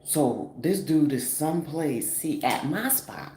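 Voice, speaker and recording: A woman in her forties from the northeastern US telling a story in a casual, animated, profane vlog style, full of fillers. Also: low-pitched, takes it slowly. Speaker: vlogger. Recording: echoey room with faint noise.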